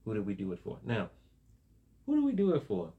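A man's voice: fairly low pitch, wildly swooping pitch, a little fast, phone-quality sound. A man preaching a sermon in a casual, conversational way, often asking "right?" and laughing along with listeners. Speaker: pastor.

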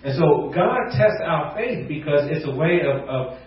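Male preacher, fairly high voice, animated delivery, distant mic in a very echoey room, slightly muffled. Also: a little slow, slight background noise. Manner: animated, rising to near shouts, acts out quotes. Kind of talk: sermon.

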